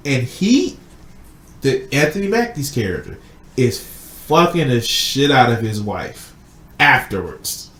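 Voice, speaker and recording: Slowly and with long pauses, a mid-range-voiced man hosting a casual podcast recounts a movie's plot, cursing freely and performing quotes with animation. The recording is reverberant.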